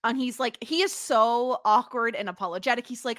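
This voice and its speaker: A woman's voice: a little high, brisk, no echo, studio quality. A woman co-hosting a podcast, chatting casually and giggling as she recaps a TV episode. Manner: giggly, animated, laughs often while retelling scenes. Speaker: podcast co-host.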